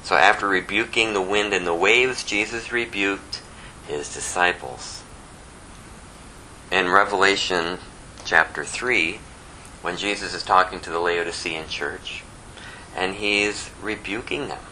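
Lively bright-voiced man teaching the Bible. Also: sits low, unhurried, a little hiss or hum, rough recording. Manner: animated storytelling, rising emphatic bursts. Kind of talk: informal Bible study teaching.

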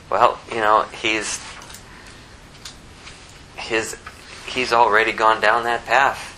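Guy preaching, chatty and animated, lower pitched but really bright sharp tone, bit of hiss behind. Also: takes it slowly, pauses often, poor audio. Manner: conversational, animated, acts out quoted lines. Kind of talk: expository sermon.

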